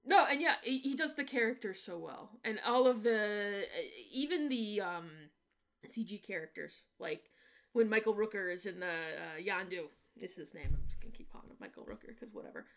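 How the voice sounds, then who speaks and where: A woman co-hosting a casual movie review podcast, talking in a lively, joking way and swearing freely. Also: mid-range voice, creaky. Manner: profane, lively, quick to joke. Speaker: podcast co-host.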